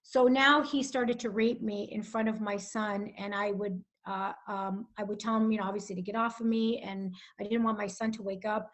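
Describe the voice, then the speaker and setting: A woman's voice: medium pitch, level tone, normal speed, few pauses. A middle-aged woman giving personal testimony as a podcast guest, emotional and rambling, with restarts and many fillers. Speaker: guest author.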